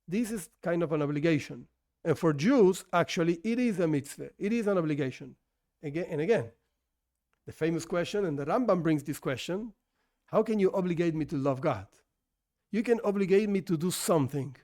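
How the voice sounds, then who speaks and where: A rabbi teaching an informal religious class, talking conversationally with rhetorical questions and frequent restarts, as a non-native English speaker. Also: male voice, on the high side, lively intonation, moderate pace, warm tone. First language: not English.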